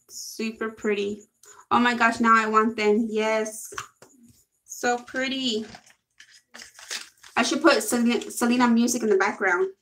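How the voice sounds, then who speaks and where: A woman's voice: a little high, fairly bright tone, rough recording. A young woman gushing and giggling through a casual makeup haul video. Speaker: beauty vlogger.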